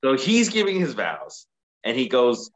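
Guy on a podcast recapping wrestling, swears a lot, voice jumps all over. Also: unhurried. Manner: animated, profane, acts out quotes in a high voice. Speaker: podcast co-host. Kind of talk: casual chat recapping wrestling.

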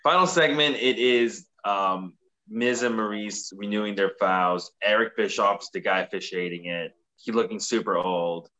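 A man recapping wrestling in casual podcast chat, profane and animated, acting out quotes. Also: lowish voice, normal speed, muffled recording. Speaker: podcast co-host.

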